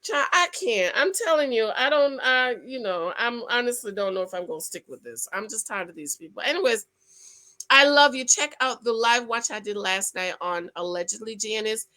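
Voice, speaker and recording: A woman giving a sassy, animated recap of a reality TV episode, talking straight to her viewers. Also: fairly high pitch, normal speed. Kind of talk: casual recap commentary.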